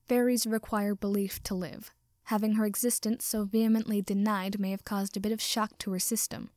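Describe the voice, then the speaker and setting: A woman's voice: mid-range voice, little pitch movement, a little fast, darkish tone, dry recording, studio quality, natural voice. A woman voicing a pompous, formal tin man who speaks precisely like a class president. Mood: lecturing.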